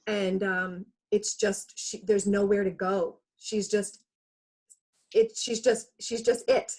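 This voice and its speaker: Woman musing out loud on a call, lots of um and like, mid-pitched. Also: steady tone, slow pace. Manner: reflective, rambling with fillers. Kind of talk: casual chat.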